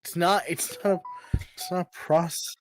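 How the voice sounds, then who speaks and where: A man co-streaming on a call, exasperated and swearing in quick bursts. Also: sits high, steady tone, dry recording, soft background music. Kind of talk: casual live-stream chat.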